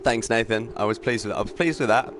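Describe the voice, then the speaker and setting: A man giving upbeat live commentary on a sim racing league stream, chatting with viewers and filling pauses with ums and uhs. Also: fairly low pitch, background noise. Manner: greets chat viewers while commentating.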